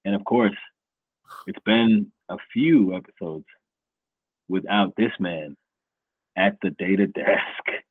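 A man's voice: low voice, slow, long pauses, no room sound. A man hosting a casual sports podcast, giving playful hype-man introductions and chatting loosely about football. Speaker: podcast host. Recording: phone-like narrow sound.

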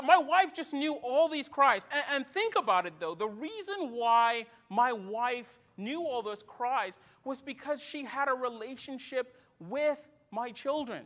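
High, bright-voiced male pastor preaching. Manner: storytelling with lively acted quotes. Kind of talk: sermon.

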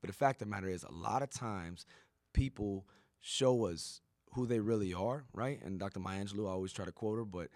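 A man's voice: on the low side, brisk, a little mellow, no room sound, clean studio sound. A man hosting a podcast in casual chat, rambling and profane, often tagging his points with "right?". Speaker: podcast host.

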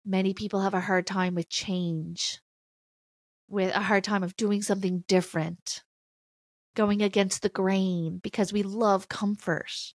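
A woman's voice: medium pitch, dry recording, clean studio sound. A woman hosting a podcast and giving an earnest, emphatic motivational spiritual talk. She repeats key phrases and swears bluntly in a casual way. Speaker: podcast host.

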